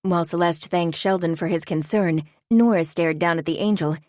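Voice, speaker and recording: A woman narrating a novel in a steady, even audiobook reading. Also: on the low side, moderate pace, no echo, studio quality.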